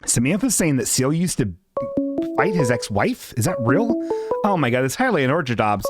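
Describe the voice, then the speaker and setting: A man's voice: medium pitch, sing-song, normal speed, over loud music. A man hosting a casual comedy stream, rambling and self-mocking, with some swearing. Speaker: host.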